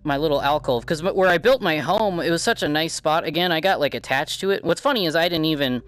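A fast-talking man with a Midwestern American accent hosts a gaming channel, rambling through his own gameplay with casual swearing and self-deprecation. His voice runs on the high side, clear, resonant and a bit bright.

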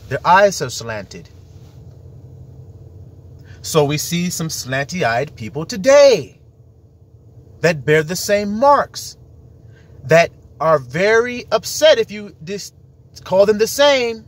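A man's voice: a little high, sing-song, a little slow, long pauses. A man preaching in an emphatic, rambling monologue, full of rhetorical questions.

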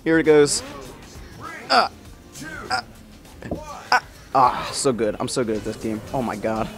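A man's voice: medium pitch, measured pace. A man giving casual let's-play commentary, swearing and exasperated as he trash-talks rival racers. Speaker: gameplay commentator. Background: game music.

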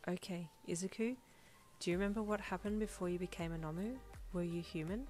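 A woman's voice: on the low side, fairly quick, soft background music, natural voice. A woman playing an earnest young vet. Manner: earnest and soft-spoken. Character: caring young woman clinic vet, determined. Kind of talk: second-person listener role.

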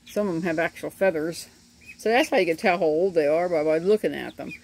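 Out in the yard by the animal pens, a middle-aged woman who vlogs about homesteading points her handheld phone at her ducklings and chats in a loose, rambling way, laughing as she goes. She speaks briskly in a fairly low, slightly mellow voice. Birds and faint outdoor sounds mix with the chirping ducklings.

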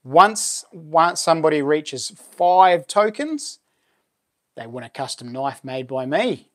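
Kiwi guy rambling on a live stream, a bit higher voice, thanking everyone as he goes. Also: animated, takes it slowly. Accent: New Zealand. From New Zealand. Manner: chatty, thanks viewers warmly, lots of fillers and laughs. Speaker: livestream host and knifemaker. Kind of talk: casual live-stream chat.

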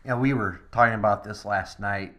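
A man, a pastor, giving a podcast devotional talk, dropping to a soft near-whisper at times and lifting into excited bursts. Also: on the low side, fairly quick.

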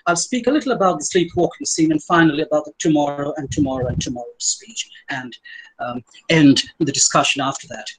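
A man with an Indian English accent giving an academic lecture on Shakespeare's verse over a video call, reading lines aloud slowly with stressed beats, then explaining with fillers. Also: a little high, fairly bright tone, slight background noise, rough recording.

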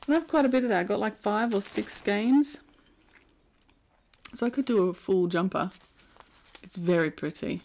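A woman's voice: mid-range voice, expressive, moderate pace, pauses often, a little mellow. A woman with an Australian accent, chatting casually and playfully about yarn in her knitting vlog. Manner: chatty and playful, prone to silly asides. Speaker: knitting vlogger. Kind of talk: casual chat.

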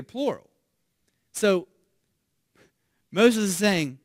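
A man preaches as pastor in a conversational manner, peppering his talk with "right?", turning loud and animated for pleas and quieting to a hush on key words. His pitch runs on the high side, his pace is unhurried, and there's no echo.

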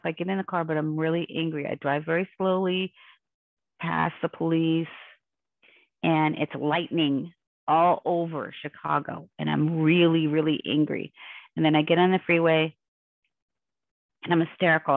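A woman with a gravelly, fry-laden voice recounts her story in an intense, rambling, emotional way. She comes through a narrow, phone-like line. The sound is dry and close, with no room echo. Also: deep voice, fairly even intonation, normal speed. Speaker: podcast guest. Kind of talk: personal storytelling in an interview.

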